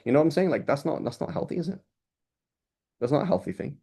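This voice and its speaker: A man's voice: on the high side, big pitch swings, quick pace, pauses often, dark tone, husky. A man giving an informal religious lesson, talking casually and asking his listeners questions as he goes. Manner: casual, conversational, asks listeners rhetorical questions. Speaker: religious teacher.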